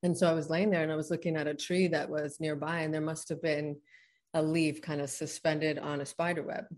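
A woman with a low, settled voice shares a personal story in conversation. She talks earnestly and reflectively, laughs often and says "like" a lot. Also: level tone, brisk, darkish tone. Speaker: guest.

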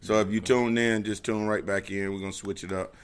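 A man's voice: fairly low pitch, steady tone, fairly quick, smooth. A man hosting a podcast, talking brashly and teasing his guests in casual banter. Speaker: podcast host.

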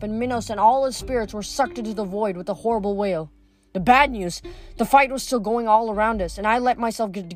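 A woman reading a novel aloud at a steady pace, sometimes stumbling and restarting a word. Her voice is slightly high, and quiet music plays underneath. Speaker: reader.

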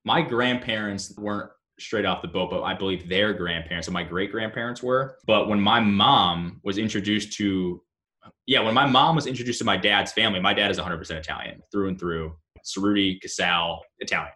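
A wry man chatting casually as co-host, reasoning things out aloud. He talks very quickly in a bright, forward voice that sits a little low. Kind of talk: casual chat.

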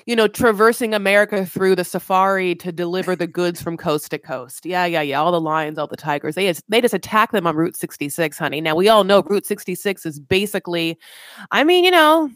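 A woman's voice: fairly low pitch, animated, a little fast, dry recording, clean studio sound. A woman co-hosting a casual podcast recapping a reality TV show, teasing and sarcastic with mock-dramatic asides. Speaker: podcast co-host.

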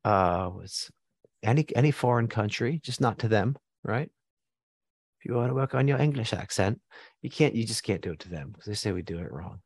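A man's voice: on the low side, lively intonation, moderate pace, a little mellow, husky, dry recording. An American man hosting a casual sports chat, blunt and joking with plenty of swearing. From United States.

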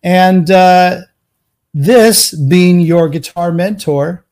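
A man hosting a live show as a guitar mentor, talking in a rambling, energetic way and laughing often. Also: sits high, extremely slow. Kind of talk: casual live show chat.

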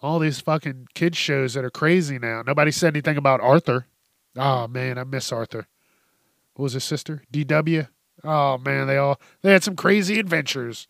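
The recording is dry and studio quality, featuring a man with a gravelly, fairly bright mid-range voice at a moderate pace. As a podcast host, he rants bluntly in casual solo chat, swearing and laughing freely.

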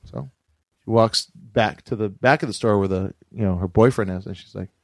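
A man's voice: on the low side, moderate pace, gravelly, no echo, clean studio sound. A man telling a long story in casual podcast chat, rambling with many fillers and acting out the people in it. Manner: rambling, many fillers, acts out quoted voices.

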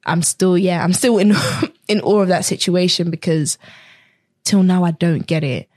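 A young woman tells her own story in earnest, acting out the voices of people she met along the way. Her voice sits a little low and has a husky edge. The recording is dry, with no room sound around her. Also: moderate pace, a little mellow, no echo. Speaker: guest. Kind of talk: personal testimony in a conversation.

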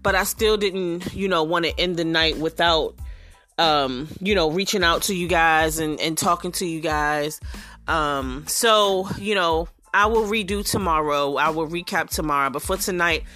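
Woman in her 30s, casual solo podcast, lowish voice, candid and frustrated, faint music behind. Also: normal speed, sharp tone. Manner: talks straight to listeners, frustrated and candid. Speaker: podcast host.

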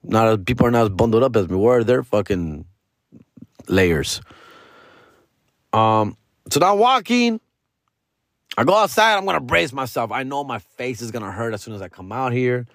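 A man from Los Angeles, a comedian, telling a story in a casual, profane, slangy way, dropping Spanish words and swinging his pitch and loudness. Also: expressive, moderate pace, pauses often, no echo, clean studio sound. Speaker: stand-up comedian, podcast host.

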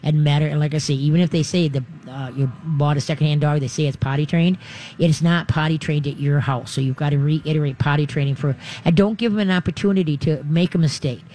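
A man hosting a radio call-in show, giving folksy, animated advice on dog training. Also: on the high side, fast talker.

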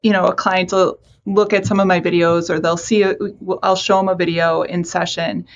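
Woman, therapist, casual chat, self-deprecating, quick to laugh. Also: lowish voice, level tone, slight background noise. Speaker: mental health counselor for teens.

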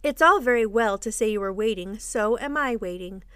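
Woman doing a huffy middle-aged dad, pompous and loud, dry close sound. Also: fairly high pitch, expressive, normal speed, clear, resonant tone, no room sound. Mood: indignant. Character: blustering, self-pitying middle-aged father.

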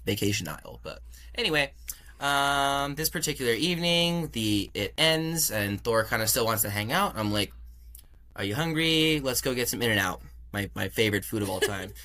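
Young man, bright forceful voice, animated storyteller, laughs a lot, casual interview. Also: mid-range voice, normal speed. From California. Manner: animated, laughs often, acts out dialogue. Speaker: podcast guest.

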